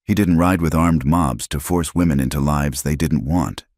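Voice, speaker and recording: A man's voice: very deep voice, moderate pace, darkish tone, dry recording, clean studio sound. A man voicing a young frontier woman who speaks firmly and with defiance. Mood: defiant. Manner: firm, calling out.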